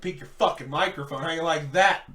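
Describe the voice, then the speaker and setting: A man's voice: a little high, brisk. A man co-hosting a casual podcast, swearing and teasing his friends. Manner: crude, teasing, lively. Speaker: podcast co-host. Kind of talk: casual chat.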